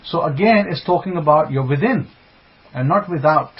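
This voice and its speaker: This religious teacher speaks at normal speed in a slightly high voice, recorded with dull lo-fi quality. His Bible sermon is emphatic, full of rhetorical questions and repeated phrases, and he names online listeners in greeting mid-talk.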